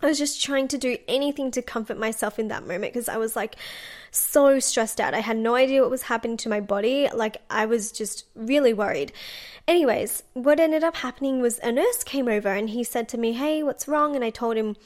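Young woman podcaster, bright-ish higher voice, casual chatty storyteller full of "like"s. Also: fairly quick. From Australia. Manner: chatty, animated, lots of "like" and acted-out quotes. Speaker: podcast host.

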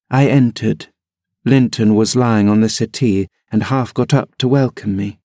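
A man reading a classic novel aloud as an audiobook, measured and expressive, shifting his voice for the characters. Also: fairly low pitch, dry recording, clean studio sound. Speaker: audiobook reader.

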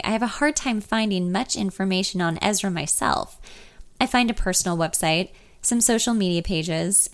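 A young woman narrating a first-person audiobook in a nervous, confessional inner voice. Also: medium pitch.

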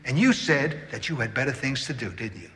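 A stern, sarcastic father pinning his grown son down with pointed questions. His voice is bright and swings widely in pitch. The clip echoes with a long hall reverb. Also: animated, fairly quick. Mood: sarcastic grilling.

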